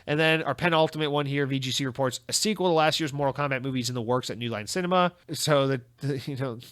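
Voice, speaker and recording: A man's voice: mid-range voice, fast talker, a bit bright, no room sound, clean studio sound. An American man hosting a solo gaming news podcast in a casual, sarcastic way, swearing freely. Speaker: podcast host.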